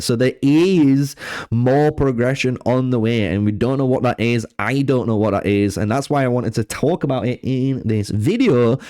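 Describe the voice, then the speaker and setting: A man's voice: mid-range voice, a little mellow. A man giving casual game news commentary, chatty and full of fillers, talking to his viewers while he has the hiccups. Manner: chatty, filler-heavy, addresses viewers as guys. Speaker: gaming YouTuber.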